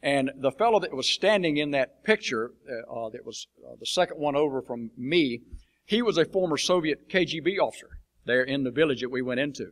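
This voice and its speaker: Plain-spoken male preacher from the United States, mid-pitched and blunt, swapping folksy mission-field stories before a congregation. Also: lively intonation, a little fast. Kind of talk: folksy storytelling talk to a church congregation. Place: church sanctuary.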